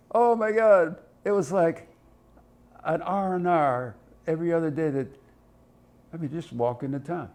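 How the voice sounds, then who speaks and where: Older man spinning lively war anecdotes. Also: a little high, a little slow, pauses often. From Ohio, USA. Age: older, 70s. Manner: animated anecdotes, acts out voices and sounds. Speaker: military veteran interviewee. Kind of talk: oral history interview storytelling.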